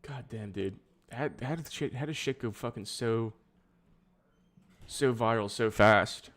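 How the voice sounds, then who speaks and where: A man's voice: mid-range voice, measured pace, a bit bright. A man with a Nova Scotian accent chatting casually on a live stream, rambling with lots of fillers and casual swearing. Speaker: streamer reacting to videos.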